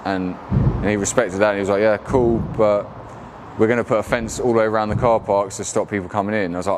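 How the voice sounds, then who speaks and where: A man from England narrates casually, his voice sitting low and easygoing. He drops slang and fillers as he goes. Traffic and city sounds are clearly heard behind him outdoors. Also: steady tone, quick pace. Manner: laid-back, slangy storytelling with fillers. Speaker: BMX rider and builder.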